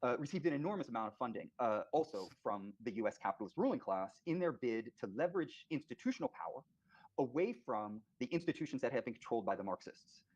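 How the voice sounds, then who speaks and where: Brief: male academic, quick delivery at mid pitch, explanatory interview answers. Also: animated, a little mellow, muffled recording. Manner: measured, academic, with filler "uh". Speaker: interviewed scholar.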